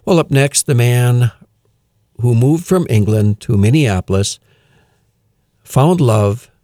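A man hosting a radio music show, chatting casually with many fillers and reading news items aloud with quiet amusement. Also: medium pitch, slow, no room sound, studio quality. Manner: relaxed and chatty, with frequent "uh" fillers and chuckles.

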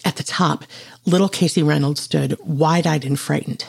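Husky, gravelly male narrator for a hushed, creepy second-person story. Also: on the high side, steady tone, moderate pace.

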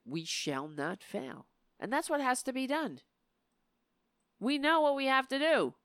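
A woman hosting a live political talk stream, speaking in impassioned, emphatic bursts and sounding a little hoarse. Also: medium pitch, a bit bright, dry recording, studio quality. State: losing her voice. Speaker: political talk show host.

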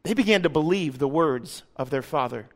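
A man preaching a sermon. He swings from loud, emphatic passages to hushed, intimate ones and acts out quoted voices in a casual, joking way. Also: a little high, expressive, moderate pace. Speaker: pastor.

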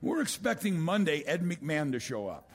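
An older man preaching a sermon as a pastor, swinging from loud exclamations down to a hushed voice. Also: on the high side, big pitch swings, moderate pace, slightly rough, some chatter behind. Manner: rising to loud exclamations, then dropping to a hush.

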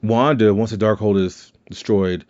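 A man's voice: on the low side, fairly even intonation, moderate pace, a little mellow. A man hosting a podcast who casually recaps a movie's plot in a rambling way, retelling scenes with quoted lines. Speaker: podcast host. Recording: dull lo-fi sound.

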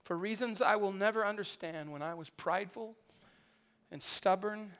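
High-voiced man preaching a sermon. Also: moderate pace, big-room sound. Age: adult. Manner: conversational preaching with stammered restarts, building to loud emphatic climaxes. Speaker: pastor.

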